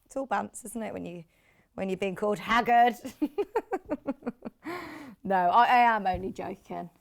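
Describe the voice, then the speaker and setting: A woman's voice: medium pitch, unhurried, gravelly. A British woman hosting a live TV shopping show, chatty and rambling, with lots of asides. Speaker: shopping channel host.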